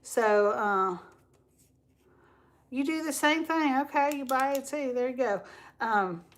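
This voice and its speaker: A woman with a somewhat high voice hosts a casual livestream. She rambles in a chatty way and laughs often as she talks to viewers. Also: lively intonation, slow pace. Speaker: crafting livestream host.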